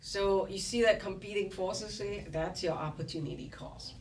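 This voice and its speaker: A woman's voice: mid-range voice, normal speed, a little mellow, a little hiss or hum. A woman lecturing on economics, explaining terms step by step, asking rhetorical questions and acting out what students might say. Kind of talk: recorded lecture. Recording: distant mic with faint room ambience.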